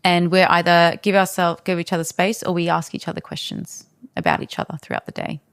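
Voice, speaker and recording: A woman's voice: lowish voice, little pitch movement, brisk, vocal fry, a bit bright, clear, resonant tone, no echo, clean studio sound. A woman talking as a podcast guest in a casual interview, candid and frank as she tells stories.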